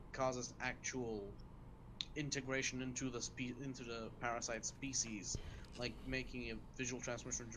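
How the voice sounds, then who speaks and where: A man joining a casual panel discussion as a guest over voice chat, speaking slowly and deliberately as he thinks aloud. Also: mid-range voice, background noise. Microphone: remote mic over voice chat.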